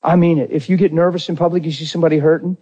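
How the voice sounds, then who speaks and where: A man's voice: on the high side, flat delivery, racing, warm tone, husky, muffled recording. A man pastor preaching a storytelling sermon in a folksy, conversational way, talking straight to his congregation.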